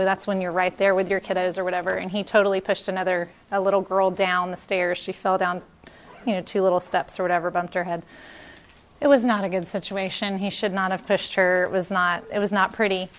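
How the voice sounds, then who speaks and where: Chatty mom telling parenting stories. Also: female voice, mid-range voice, level tone, a little fast. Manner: earnest, chatty, many fillers and restarts. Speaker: church parenting speaker. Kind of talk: casual talk with anecdotes.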